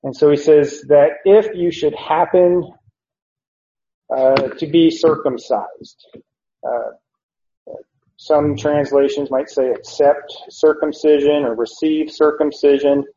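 A man teaching through a Bible passage verse by verse, explaining deliberately and pausing often to correct himself. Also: fairly high pitch, warm tone, slight background noise. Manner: slow, deliberate explanation with frequent "uh" and self-corrections. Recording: roomy, dull lo-fi recording.

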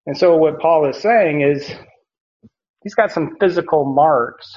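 A man's voice: fairly high pitch, unhurried, darkish tone, lo-fi sound. A man teaching through a bible passage verse by verse, talking in a loose, conversational way with frequent fillers and little chuckles.

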